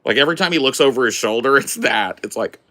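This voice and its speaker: A man telling a story in a casual, animated, profane way as a podcast host. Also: mid-range voice, fast. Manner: animated, profane, swears freely.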